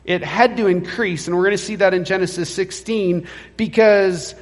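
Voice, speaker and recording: In a church sanctuary, a male pastor preaches a sermon, narrating the story and acting out the quoted lines. His voice is high-pitched at a moderate pace, and the recording carries long church reverb.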